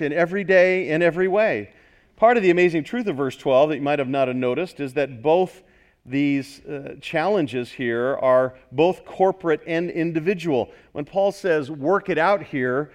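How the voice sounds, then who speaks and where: A man preaching a sermon as pastor, emphatic, repeating key phrases and swinging from loud urging to hushed, earnest asides. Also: high-pitched.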